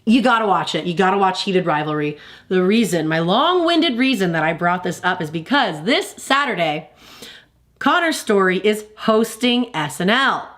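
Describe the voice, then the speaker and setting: A woman's voice: medium pitch, sing-song, normal speed, a bit bright. A woman hosting a pop culture livestream in casual chat, talking in a gushing, effusive way.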